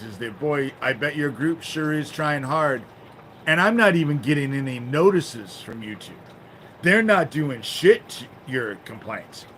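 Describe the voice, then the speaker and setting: On a livestream, a man with a slightly high, somewhat bright voice rants angrily and swears a lot, filling pauses with "you know?" at the ends of his sentences. The audio is poor, with slight background noise.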